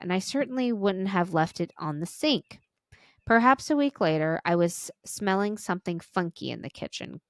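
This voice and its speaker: A woman's voice: medium pitch, no echo, studio quality. A woman podcast co-host reading a listener's story aloud, with small stumbles and restarts.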